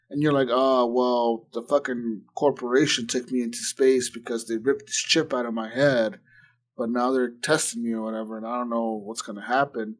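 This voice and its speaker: On a laid-back podcast, a male co-host spins a long, meandering story at a normal pace. His pitch is ordinary and mid-range, and he piles on "like"s and swear words while voicing the other people's lines himself.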